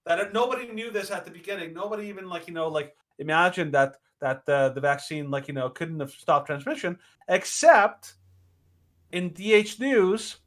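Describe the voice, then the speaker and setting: A man's voice: high-pitched, moderate pace, low-quality recording. A man co-hosting a podcast, ranting emphatically with indignation and lots of fillers. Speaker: podcast co-host. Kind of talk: opinionated podcast rant.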